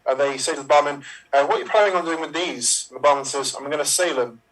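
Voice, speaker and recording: A man's voice: a little high, fast, a bit bright, rough recording. A man in an improv game telling joke setups hesitantly, stopping to correct himself. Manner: hesitant, with ums and self-corrections. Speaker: improv performer.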